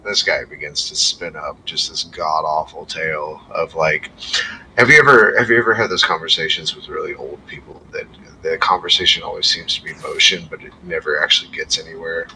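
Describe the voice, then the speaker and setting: A low-voiced man narrates a tabletop game as game master, wandering casually through his descriptions. His voice is deep yet bright. The mic sits at a distance, and there is faint noise behind him. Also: steady tone, a little fast. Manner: casual, meandering, hesitant.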